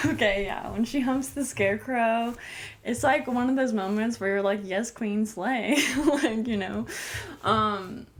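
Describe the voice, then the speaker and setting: A woman's voice: fairly high pitch, slow, pauses often, slight background noise. A young woman giving a casual, chatty film review on camera, giggling often and filling her talk with "like". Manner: giggly, lots of "like" fillers. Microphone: camcorder.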